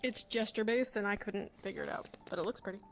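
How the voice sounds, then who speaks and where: A woman's voice: mid-range voice, fast talker, soft background music. A woman chatting casually with fellow players during a VR roleplay stream, laughing often and swearing freely.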